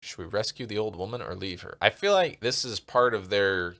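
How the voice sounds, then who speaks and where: A man's voice: fairly low pitch, animated, moderate pace, a bit bright. A male streamer reading a gamebook aloud and muttering asides to himself as he decides what to do. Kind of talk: casual narration while playing a gamebook.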